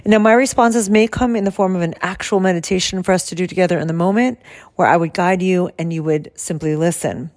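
A woman health coach who explains her service in a soft, calm and soothing way and guides slow breathing. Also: fairly low pitch.

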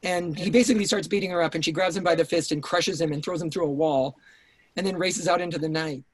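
Male guest, intense storyteller, a bit high-pitched, dry close sound, swears and restarts a lot, remote call. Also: steady tone, fast, no echo. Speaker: writer-director guest. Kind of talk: casual interview storytelling.

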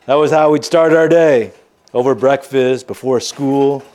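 A man's voice: mid-range voice, unhurried, darkish tone, natural voice. A man playing a wry, bitter grown son. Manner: sardonic, confiding. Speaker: narrating character. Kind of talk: first-person audio drama monologue.

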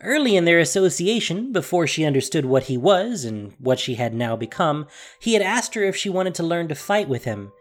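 A narrator reading a fantasy story aloud in an expressive, dramatic storytelling manner. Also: medium pitch, normal speed. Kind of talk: scripted audiobook narration.

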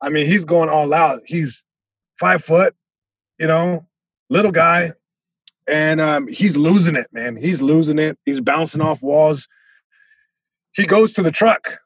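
A male comedian guest telling a story in an animated way, with many restarts and sound effects. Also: a little high, a little slow, pauses often, slightly rough, no echo.

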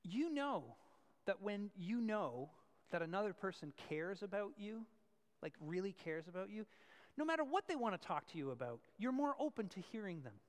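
A male pastor preaching a sermon, switching between loud emphatic points and quiet asides. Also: high voice, big pitch swings, moderate pace, in a large hall.

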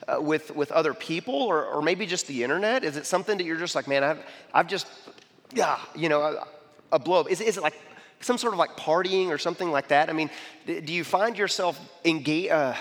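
A man giving a sermon-style talk with personal stories, animated, often asking "okay?" and restarting his sentences. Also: fairly high pitch, a little fast, long reverb tail. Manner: animated, repeats "okay?" and "I mean", frequent restarts.

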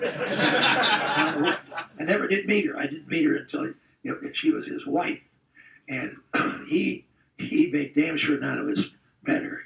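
A man's voice: medium pitch, vocal fry. An older man, a former football player, telling rambling, salty stories in a casual interview. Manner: rambling, salty, chuckling storyteller. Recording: distant, roomy, dull-sounding recording.

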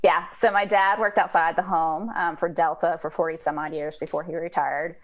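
A woman's voice: low voice, steady tone, normal speed, low-quality recording. A woman from Georgia, a guest chatting openly on a podcast interview. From Georgia, USA. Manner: chatty, explanatory, with fillers.

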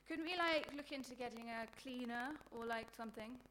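A woman's voice: on the high side, normal speed, fairly bright tone, a little hiss or hum, lightly acted. A woman putting on a whiny spoiled posh teenage girl. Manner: whiny, drawling, filler-heavy.

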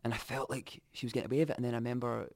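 A young Scottish man telling his own story candidly, reflective and halting, often restarting his sentences. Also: mid-range voice, little pitch movement, creaky, a little mellow, no room sound, clean studio sound.

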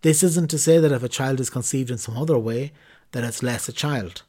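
A man's voice: medium pitch, brisk, darkish tone. A man hosting a podcast who reads a church teaching text aloud with a few slips and corrections, then explains it casually with many ums and restarts. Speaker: podcast host reading and explaining Catholic teaching. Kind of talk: reading a text aloud, then unscripted commentary.

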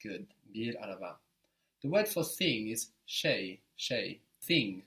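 A man's voice: fairly low pitch, sing-song, slow pace, sharp tone. A man teaching a spoken language lesson, patiently explaining step by step and encouraging his student.

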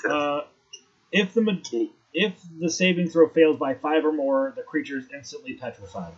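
Male game master for a tabletop session, slightly high and husky, calls rulings and narrates scenes; lo-fi sound. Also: normal speed. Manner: describes scenes, rules on checks.

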